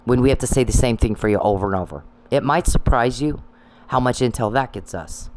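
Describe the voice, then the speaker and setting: A man's voice: mid-range voice, a little fast, darkish tone, a little hiss or hum, low-quality recording. Man ranting at someone, scolding, cursing, repeating himself, ordinary mid voice. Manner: scolding, profane, repetitive. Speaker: commentary channel host. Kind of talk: angry monologue addressed to opponents.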